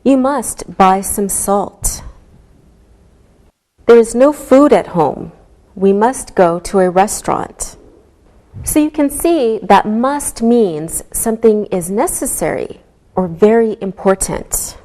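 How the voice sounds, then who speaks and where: Slow, careful woman teacher. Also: mid-range voice, mellow. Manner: slow, clearly enunciated teaching voice. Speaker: English teacher. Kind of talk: slow classroom instruction.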